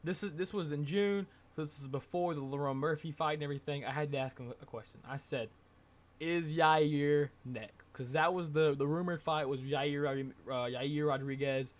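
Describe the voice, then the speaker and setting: Young guy vlogging, kinda high voice, excited rambly storytelling, lots of dude and like. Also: a little fast, hardly any pauses. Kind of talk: casual storytelling vlog.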